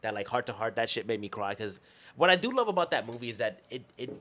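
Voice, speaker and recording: Slangy excited young man chatting. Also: medium pitch, quick pace, slight background noise. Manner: excited, slangy, swears, says "bro". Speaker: podcast co-host. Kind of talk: casual chat.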